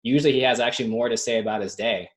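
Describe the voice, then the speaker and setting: Man, 30s, co-host; reflective, meandering casual talk, average pitch. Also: steady tone, rapid-fire. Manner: reflective, rambling, filler-heavy. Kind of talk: casual spiritual chat.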